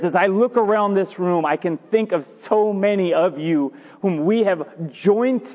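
A man preaching a sermon as pastor, animated and jokey, repeating his points for emphasis. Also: sits high, unhurried, hardly any pauses. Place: church sanctuary. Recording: reverberant church hall.

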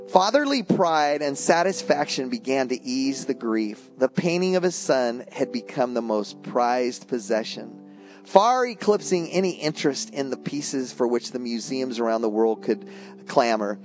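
A man's voice: medium pitch, a little mellow. A man preaching a sermon as a pastor, telling a story earnestly and often repeating words as he goes.

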